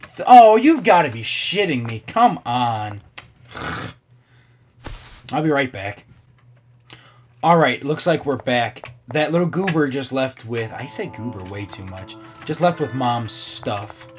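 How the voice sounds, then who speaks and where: Man, casual game commentary, rambling, swears, very lively pitch, faint music behind. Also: takes it slowly, long pauses. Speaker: let's play gamer.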